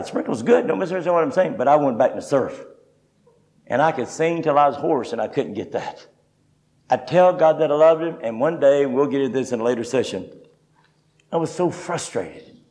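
A man's voice: medium pitch, a little mellow, low-quality recording. An older man preaching a sermon, telling his own story in a folksy, humorous way. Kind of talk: sermon teaching with personal testimony.

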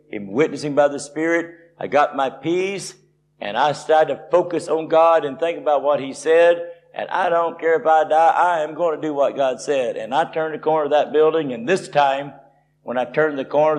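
Man, folksy preacher, fairly high voice, storytelling sermon. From Tennessee. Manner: folksy storytelling, rising with excitement. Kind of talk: sermon testimony.

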